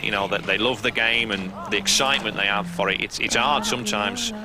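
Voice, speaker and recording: A man's voice: on the low side, fairly quick, a crowd in the background, natural voice, low-quality recording. A man voicing a rambling male football coach who stumbles over and repeats his words. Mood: earnest.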